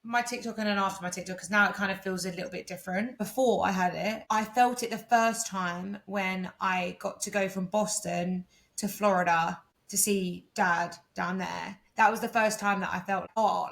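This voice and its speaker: A woman's voice: medium pitch, fairly even intonation, moderate pace, vocal fry, fairly bright tone. An Englishwoman with an English accent, co-hosting a podcast and rambling casually, full of "like" and acted-out quotes. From England. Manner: rambling, lots of "like", acts out quotes. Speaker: podcast co-host. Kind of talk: casual chat. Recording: roomy echo.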